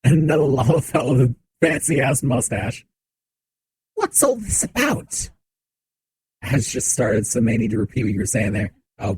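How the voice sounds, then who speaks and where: Husky, gravelly streamer chatting casually. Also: male voice, medium pitch, no room sound, rough recording. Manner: relaxed, chatty, joking. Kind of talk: casual game commentary. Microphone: desk mic on shock mount.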